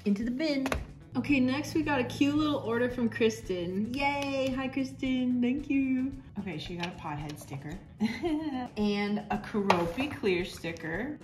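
A woman's voice: a little high, animated, unhurried, echoey room. A young woman chatting to herself while packing orders, cheerful and a bit chaotic, with the odd swear. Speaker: small artist packing shop orders. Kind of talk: chatty packing vlog voice-over. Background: background music.

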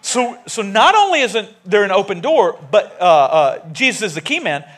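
High-voiced animated male pastor. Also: moderate pace. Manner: animated, jokey storytelling preaching. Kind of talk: sermon. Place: church sanctuary.

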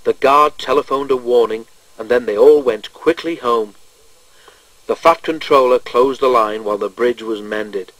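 A man reading a children's railway storybook aloud in a measured, gentle storytelling manner. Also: mid-range voice, dry recording, poor audio. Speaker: narrator.

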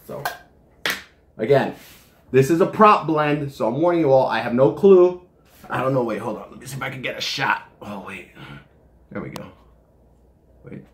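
A man's voice: fairly low pitch, echoey room, a little hiss or hum. A man reviewing a supplement in a casual vlog from his home kitchen, joking and swearing as he rambles.

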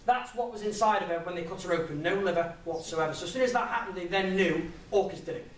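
A man's voice: high-pitched, quick pace, slight background noise. A young man giving a public talk in a chatty, laughing, self-deprecating way. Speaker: guest speaker. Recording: echoey room, voice from far off.

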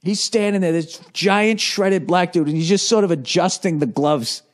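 The comedian spins a story for his podcast in a high-pitched voice at a moderate clip. He keeps cursing and starting over, telling it in a casual, rambling, lively way.

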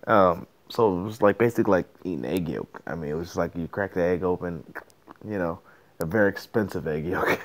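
A man hosting a solo podcast, ranting casually in a profane, rambling, joking way. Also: lowish voice. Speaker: podcast host.

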